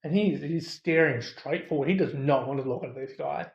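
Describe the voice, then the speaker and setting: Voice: medium pitch, moderate pace, reverberant, lo-fi sound. A movie reviewer casually retelling a horror film's plot, with many fillers and quoted asides.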